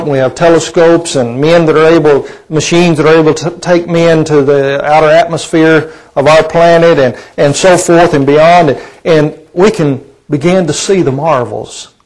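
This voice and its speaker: Folksy preacher man, slightly high voice. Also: moderate pace, hardly any pauses, a little mellow, poor audio. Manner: asks the congregation rhetorical questions; conversational, folksy preaching with fillers. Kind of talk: sermon.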